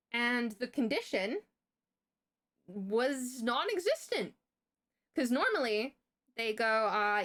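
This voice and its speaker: A woman's voice: a little high, fairly bright tone. A young woman on a livestream, telling a story in casual chat, chatty and swearing freely. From Britain.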